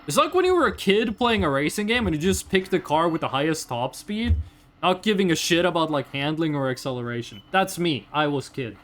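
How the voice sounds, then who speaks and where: A man's voice: on the high side, expressive, brisk, a bit bright. A man in his twenties chatting casually and profanely with his chat while streaming a game. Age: 20s. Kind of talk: casual live game commentary.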